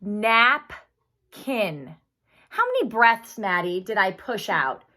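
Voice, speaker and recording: A woman teacher giving a phonics lesson, patient and encouraging, speaking slowly and clearly. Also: mid-range voice, sing-song, sharp tone.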